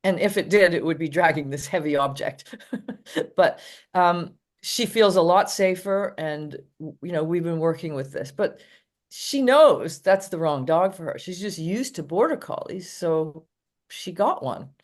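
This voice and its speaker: Older woman, guest dog trainer, low-pitched, rambling anecdotal interview chat. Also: lively intonation, a little slow. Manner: rambling anecdotal storytelling with frequent laughs.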